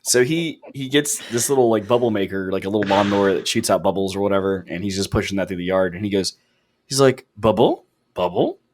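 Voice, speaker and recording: A man co-hosting a casual podcast, telling stories in an animated way and acting out the dialogue. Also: low voice, fast. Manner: animated storyteller, acts out dialogue. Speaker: podcast co-host.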